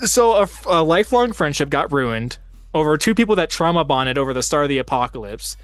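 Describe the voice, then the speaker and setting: A man hosts a tabletop game stream, telling long, rambling stories in a casual gaming chat and leaning heavily on "like." His fairly high voice is expressive, brisk and a bit bright, recorded dry at studio quality.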